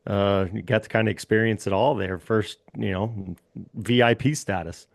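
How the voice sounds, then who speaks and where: A man's voice: fairly low pitch, steady tone, moderate pace, gravelly, dry recording. Joking male host, dry close sound. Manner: joking, laughing questions. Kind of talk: casual interview.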